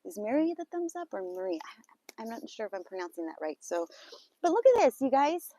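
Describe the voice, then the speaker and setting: A woman with a fairly high, dark-toned voice and big pitch swings talks casually to viewers during a live vlog. She strolls through her farm garden, with quick exclamations and bursts of nervous laughter.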